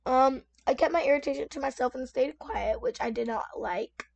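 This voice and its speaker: A woman's voice: high voice, moderate pace, gravelly, a little mellow, no echo, highs cut off. A woman casually reading and reacting to online stories, chatty and full of asides to her viewers, on a desk microphone at home. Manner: chatty, talks straight to viewers with many asides. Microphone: desk microphone at lowered sensitivity.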